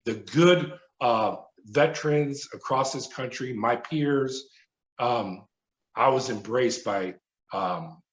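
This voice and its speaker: A man's voice: mid-range voice, slow. Middle-aged man telling his story, roomy sound. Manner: animated storyteller who acts out quoted voices. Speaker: podcast guest, former prison guard. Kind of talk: storytelling interview. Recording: roomy, dull remote audio.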